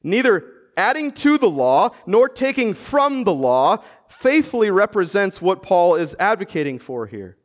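A man's voice: sits high, sing-song, measured pace. An American man preaching a sermon as pastor, earnestly teaching and pressing emphatic rhetorical questions. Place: church sanctuary.

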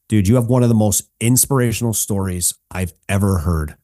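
Hyped podcast host guy, energetic, dry close sound. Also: lowish voice, fairly quick, hardly any pauses, dry recording. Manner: energetic, excitable. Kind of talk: enthusiastic podcast interview.

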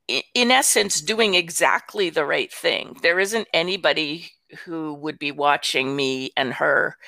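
A woman's voice: fairly low pitch, gravelly, bright, forceful tone, no room sound. An older woman, a grandmother and guest, telling a story in casual conversation, acting out quotes with frequent restarts and light laughs.

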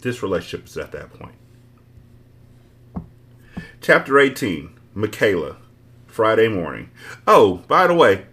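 Low male voice, animated pitch, casual book reader with blunt, cursing commentary. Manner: blunt, profane, conversational. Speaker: book podcast host.

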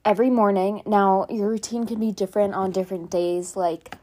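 A young woman with a mellow, warm voice talks earnestly at home, rambling a little and leaning on fillers. She sounds like a teenager sharing personal advice in an easygoing podcast chat. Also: mid-range voice, steady tone, fairly quick. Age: teens. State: out of breath. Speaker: podcast host. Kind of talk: casual personal talk.

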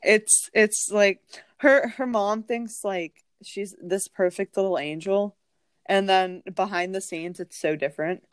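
A young woman telling family stories on a podcast, animated and rambling, with her sentences full of "like". Her voice sits at an ordinary pitch and is recorded close and dry. She jumps into other people's voices as she goes. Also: a little slow, clear, resonant tone, no room sound. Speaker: podcast co-host. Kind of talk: casual storytelling chat.

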